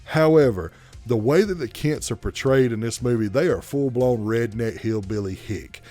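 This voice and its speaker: A man with a thick South Carolina accent gives a casual movie review in a blunt, profane, opinionated way. His voice sits at a middle pitch with a mellow, warm tone. Faint music plays behind him. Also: normal speed, no room sound.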